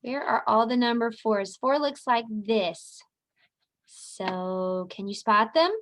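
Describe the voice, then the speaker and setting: A woman leading a virtual preschool circle time, talking to small children in a slow, sing-song, encouraging way. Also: fairly high pitch, steady tone. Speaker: preschool teacher.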